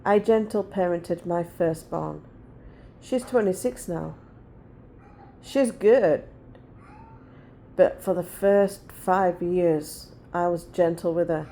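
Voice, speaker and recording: This vlogger, a woman in her forties, speaks slowly in a warm, lowish voice, pausing often. She chats casually with her viewers, telling blunt, rambling stories.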